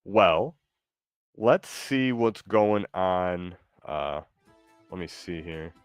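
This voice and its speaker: A man with a low voice who chats casually while he plays a game. He talks haltingly, with many fillers and restarts. Faint game music plays behind his voice. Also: expressive, clear, resonant tone, no room sound. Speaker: streamer. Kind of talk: casual chat while gaming.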